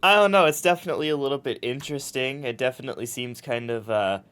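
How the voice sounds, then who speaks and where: A man's voice: mid-range voice, fast talker, a bit bright, clear, resonant tone. A man co-hosting a comedy podcast, teasing dryly with some hesitation. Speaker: podcast co-host. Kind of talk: casual comedy chat.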